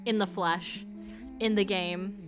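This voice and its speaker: Brief: young woman game streamer, excitable and foul-mouthed, medium pitch, faint music behind. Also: slow pace. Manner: excitable, swears freely. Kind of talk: casual game commentary.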